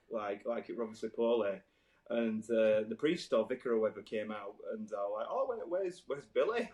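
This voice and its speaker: A man's voice: medium pitch, a little mellow, echoey room, rough recording. A man, telling stories casually on a podcast, rambling with lots of "like" and swearing. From Halifax, England. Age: 30s. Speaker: podcast host. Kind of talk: casual storytelling chat.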